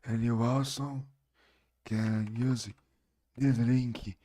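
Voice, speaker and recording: A man from Brazil with a Brazilian Portuguese accent and a strong voice, chatting on his live stream in halting English as a non-native speaker. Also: medium pitch, steady tone, mellow, dry recording. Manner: halting, searching for English words. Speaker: game streamer. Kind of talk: casual live-stream chat.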